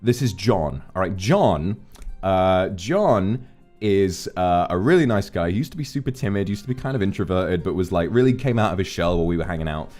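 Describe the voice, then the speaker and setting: Low-voiced man rambling through stories. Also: a little fast. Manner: rambling, profane, animated anecdotes. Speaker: streamer. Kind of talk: casual storytelling chat. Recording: faint background music.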